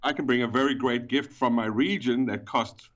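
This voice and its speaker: A man's voice: medium pitch, steady tone, a bit bright. A man with a South African accent speaks as a podcast guest, walking through the details step by step. He often stops on fillers. His sound is dull and slightly lo-fi. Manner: explanatory, with frequent pauses and fillers. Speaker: guest, event organizer. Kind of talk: podcast interview.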